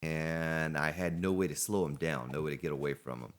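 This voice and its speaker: A man's voice: a bass voice, steady tone, fairly quick. A man hosting a gaming let's play, chatting casually and rambling to himself as he plays. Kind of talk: casual gameplay commentary.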